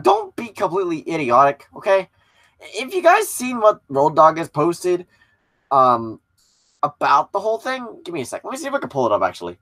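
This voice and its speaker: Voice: mid-range voice, fairly bright tone. A wrestling show commentator giving a casual recap and opinion, passionate and blunt, with some swearing.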